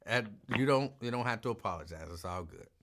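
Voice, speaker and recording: A woman hosting a call-in talk show, chatting casually with callers and telling animated stories with laughs. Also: extremely low pitch, fairly quick. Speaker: radio talk show host.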